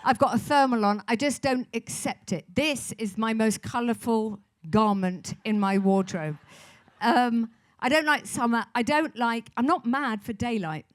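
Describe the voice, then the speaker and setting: A woman's voice: fairly high pitch, measured pace. A middle-aged woman, a guest on a festival stage, talking in a chatty, rambling, self-deprecating way into a stage microphone. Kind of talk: live on-stage conversation. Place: festival stage before an audience.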